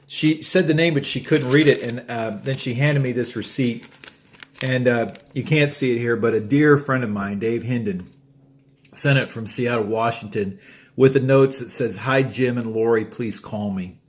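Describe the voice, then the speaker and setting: A man's voice: medium pitch, moderate pace, a little hiss or hum. A man gives a short devotional as a pastor, easygoing and conversational. He tells his story in a storytelling way and talks through a mouthful of food now and then. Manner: chatty, storytelling, eating while talking.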